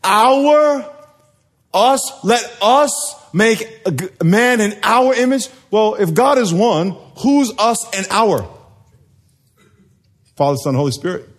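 A man's voice: high-pitched, animated, takes it slowly. A man preaching a sermon to a live congregation, joking and quizzing the people in front of him. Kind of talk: sermon with call and response.

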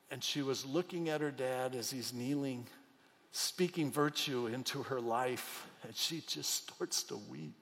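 A middle-aged man preaching a sermon as a pastor, emotional, moving between soft, hushed passages and loud, emphatic outbursts. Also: medium pitch. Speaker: pastor and chaplain. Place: church hall. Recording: long hall reverb.

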